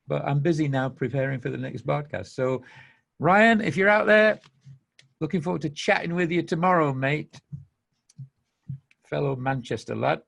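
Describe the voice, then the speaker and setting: A man with a Mancunian accent hosts a podcast in a loose, rambling monologue, laughing often as he goes. His voice is deeply gravelly and a little husky, sitting slightly higher than most men's. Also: normal speed, pauses often, a bit bright. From England. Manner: enthusiastic, rambling, frequent laughs. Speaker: podcast host. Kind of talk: casual monologue.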